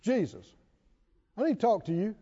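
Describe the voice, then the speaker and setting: A preacher delivers his sermon in a high, swinging, husky voice that is warm and mellow, with lively intonation. He speaks emphatically, stretching his stresses slowly and chuckling now and then. The recording is dull and lo-fi, with a long reverb tail from a large hall.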